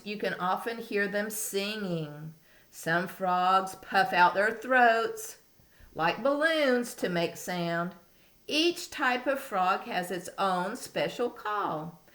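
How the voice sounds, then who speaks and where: Lady kindergarten teacher, slow patient sing-song voice reading to little kids. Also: mid-range voice, a bit bright, roomy sound. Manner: patient, sing-song, talks to small children. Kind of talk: reading lesson for young children.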